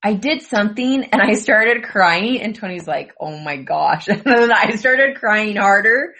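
A woman's voice: mid-range voice, measured pace, bright, forceful tone. A woman chatting with friends, rambling through stories and laughing at them herself. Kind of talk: casual chat.

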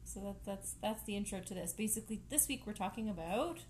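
Chatty woman co-host, mid-pitched, casual home podcast, laughs often, light background hiss. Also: animated, a little fast, a little mellow. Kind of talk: casual chat.

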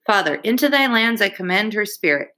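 A woman's voice: mid-range voice, expressive, brisk, bright, forceful tone. A woman reading as an earnest frightened ten-year-old boy. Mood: solemn. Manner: earnest, pleading. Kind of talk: audiobook reading.

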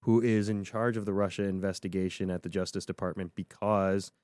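A man co-hosting a casual political podcast, talking in an animated way and often restarting his sentences. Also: deep voice, brisk, dry recording. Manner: animated, with frequent restarts and repeated words.

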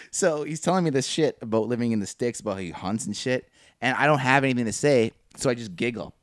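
A man's voice: medium pitch, fairly quick, dry recording, studio quality. A young man co-hosting a podcast in casual chat, telling crude stories with lots of giggling and acted-out quotes. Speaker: podcast co-host.

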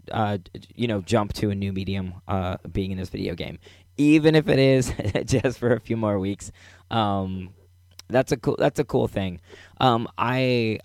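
A man hosting a podcast, talking casually with a raspy, sore-throated voice and lots of fillers and restarts. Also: on the low side, a little mellow, dry recording, studio quality. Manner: rambling, many fillers and restarts. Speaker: podcast host.

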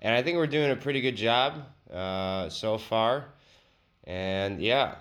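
Bright voiced dude on his podcast, rambling story, swears a lot, jokey. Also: on the low side, slow. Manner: rambling, profane, joking. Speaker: podcast host. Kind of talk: casual storytelling.

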